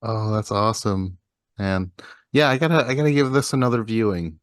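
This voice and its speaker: A man's voice: lowish voice, lively intonation, moderate pace, no echo, studio quality. A man co-hosting a casual movie podcast, laid-back, laughing often and swearing casually. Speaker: podcast co-host. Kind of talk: casual chat about movies.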